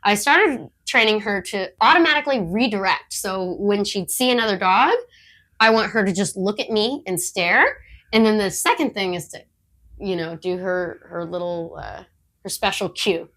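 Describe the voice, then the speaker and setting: A woman's voice: medium pitch, moderate pace, fairly bright tone. A woman co-hosting a podcast, chatting casually and telling training stories with frequent laughs. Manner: chatty storyteller who laughs often; acts out her dog's thoughts in quotes. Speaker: podcast co-host, disc dog trainer.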